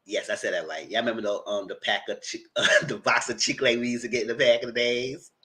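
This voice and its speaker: A man giving casual, chatty recap commentary on a reality show, often jumping into a high voice to mimic people. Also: brisk. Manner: chatty, animated, mock-quotes people in a high voice. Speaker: TV recap host.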